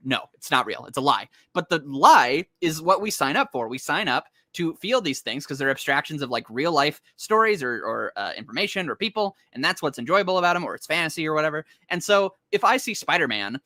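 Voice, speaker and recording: Animated laughing man, bright voice. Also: on the high side, a little fast, hardly any pauses, dry recording, studio quality. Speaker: podcast co-host. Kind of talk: casual chat.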